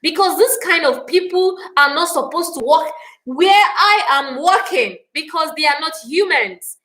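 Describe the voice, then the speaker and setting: A woman's voice: sits high, expressive, unhurried, sharp tone, rough recording. A Nigerian woman hosting a live stream, talking with passion and indignation, answering viewers' comments and repeating phrases for emphasis.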